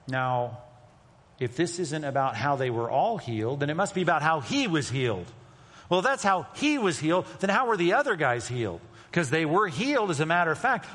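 Man preaching in an echoing hall. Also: fairly high pitch. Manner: emphatic, shifts between loud and hushed delivery. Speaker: pastor. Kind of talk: sermon. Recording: long reverb of a large hall.

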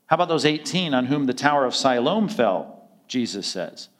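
A man's voice: mid-range voice, big pitch swings, normal speed. A male pastor preaching a conversational sermon, often acting out quoted dialogue in other voices.

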